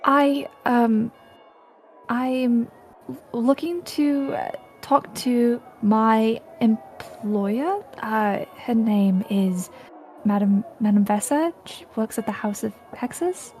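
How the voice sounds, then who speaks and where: A woman playing in a tabletop game, talking hesitantly with many pauses and ums. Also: fairly high pitch, a little mellow, soft background music. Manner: hesitant, halting, full of ums. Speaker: player.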